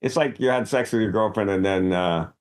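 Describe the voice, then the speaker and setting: A man with a somewhat low voice talks through comedy ideas in a halting way, repeating words while he searches. He often fills in with quick agreement. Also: a little mellow, smooth. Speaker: comedian podcast co-host. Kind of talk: casual chat about writing jokes.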